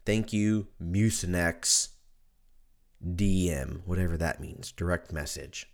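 A very low-voiced man talks slowly through a loose, profane solo monologue. He sounds drunk and stuffed up, drifting from one thought to the next at an unhurried pace. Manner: rambling and profane. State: congested. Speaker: podcast host. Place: at home.

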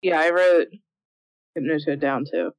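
A woman's voice: low voice, steady tone, a little slow, no echo, rough recording. A woman co-hosting a casual movie chat, answering in short, dry remarks. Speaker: podcast co-host.

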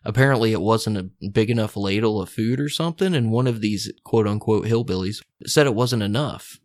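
A man's voice: fairly low pitch, fairly quick. A man hosting a podcast who tells a true-crime story casually, loose and profane, with lots of fillers and asides. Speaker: podcast host.

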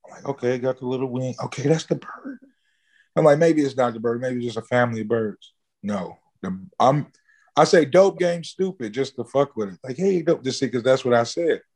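A man in an interview, casually telling a long story, swearing freely and jumping high in pitch when he acts out what people said. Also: fairly quick, a little mellow. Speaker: interview guest, musician.

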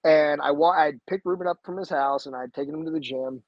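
A man telling a story as a podcast guest in a casual, animated way, acting out the voices he quotes. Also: a little fast, no room sound. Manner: animated, acts out quoted voices with big pitch jumps. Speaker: podcast guest, jiu-jitsu black belt. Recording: slightly dull, dry sound.

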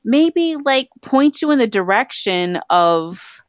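A woman's voice: a little high, very animated, takes it slowly, no room sound, studio quality. A woman guest in a casual podcast chat, talking in a tentative, hedging way as she thinks aloud.

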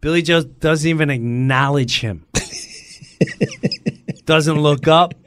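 A middle-aged man with a slightly raised pitch spins a lively anecdote. He slips into other people's voices for each quote and jumps between hushed asides and loud outbursts. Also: takes it slowly, smooth. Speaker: comedian guest. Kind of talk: animated storytelling.

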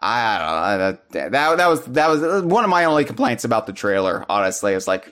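A man's voice: mid-range voice, fairly quick, hardly any pauses. A man co-hosting a podcast, chatting casually and animatedly about a movie trailer. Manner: animated, mimics voices in jest. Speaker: podcast co-host. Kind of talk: casual chat.

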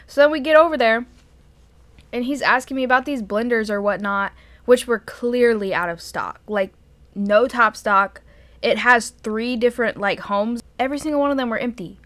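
Podcast co-host, young woman, bright and dry-sounding voice, casual profane storyteller. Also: on the high side, fairly quick, dry recording. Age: young adult. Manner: profane, exasperated storytelling with frequent laughs.

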